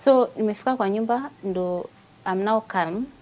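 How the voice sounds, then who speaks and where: A woman's voice: mid-range voice, moderate pace, a little mellow, a little hiss or hum, rough recording. Kenyan woman sharing her story, emotional, slips between swahili and english, mid voice. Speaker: guest. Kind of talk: personal testimony.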